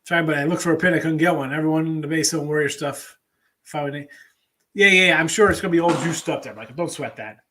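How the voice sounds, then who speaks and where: A man's voice: on the high side, fast, bright, forceful tone. A middle-aged man hosting a live sports betting show, chatting loosely with viewers and rambling as he thinks aloud. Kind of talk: casual live-stream chat.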